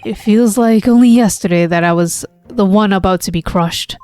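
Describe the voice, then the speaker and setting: A woman's voice: mid-range voice, moderate pace, warm tone, faint music behind, natural voice. A woman doing a nervous young lawyer man.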